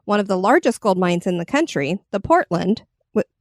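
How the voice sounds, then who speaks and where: Giggly woman co-host with a lively voice. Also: mid-range voice, normal speed, heavy background noise. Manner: giggly, often breaks into laughter; stumbles over words while reading. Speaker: podcast co-host. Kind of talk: casual chat reading history notes. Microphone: studio podcast mic.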